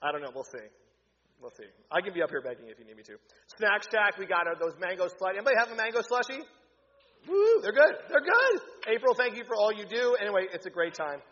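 A man's voice: sits high, animated, fast talker, sharp tone. Upbeat joking man in an echoey hall. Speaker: pastor. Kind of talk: church announcements. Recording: echoey hall, dull lo-fi sound.

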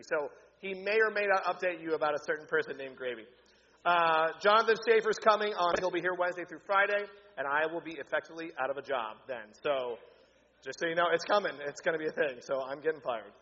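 A pastor giving church announcements, upbeat and joking with the congregation. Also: male voice, a little high, sharp tone. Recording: echoey hall, dull lo-fi sound.

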